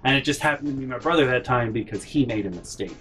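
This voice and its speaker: A man's voice: mid-range voice, fast, fairly bright tone. A young man telling a personal story in a casual vlog, exasperated and profane.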